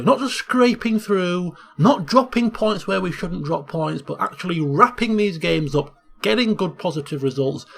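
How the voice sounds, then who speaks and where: A man casually commentating over a football management game he plays, chatty and excitable. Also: high voice, gravelly. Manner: chatty, bursts into excited shouting at goals. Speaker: Let's Play host.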